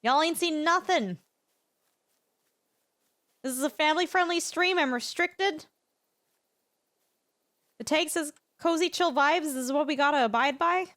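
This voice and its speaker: A woman's voice: high voice, measured pace, long pauses, a bit bright, dry recording, clean studio sound. A woman streaming a farming game, chatting casually and playfully teasing her viewers. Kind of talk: casual live-stream chat while gaming.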